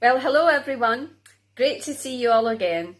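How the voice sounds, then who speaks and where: A woman hosts a mock talent show in a bright, cheery showbiz style. Her voice sits fairly high. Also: lively intonation, moderate pace.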